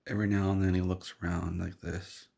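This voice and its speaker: Deep gravelly male storyteller. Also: fairly quick. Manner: rambling, deadpan absurd. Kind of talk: second-person storytelling.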